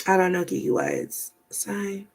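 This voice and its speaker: A woman's voice: on the low side, huge pitch swings, takes it slowly, gravelly. A woman giving a rambling, chatty tarot card reading, thinking aloud as she goes. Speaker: tarot reader.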